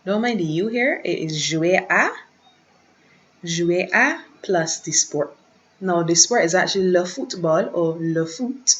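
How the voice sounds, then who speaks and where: Woman teacher, lowish voice, unhurried and careful, repeats words for practice; dull desk-mic recording. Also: expressive. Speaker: French teacher. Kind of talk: recorded online lesson.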